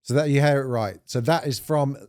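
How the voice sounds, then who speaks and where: A man co-hosting a podcast in loose, casual chat. His voice sits at an ordinary middle pitch, and he reads out listener messages with a lot of swearing. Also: fairly quick, a little mellow. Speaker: podcast co-host.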